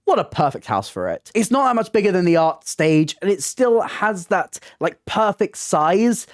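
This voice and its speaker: A woman hosting a casual review vlog as a theatre reviewer, gushing and excitable, often tripping over her words. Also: fairly low pitch, moderate pace, no echo, studio quality. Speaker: theatre reviewer and channel host.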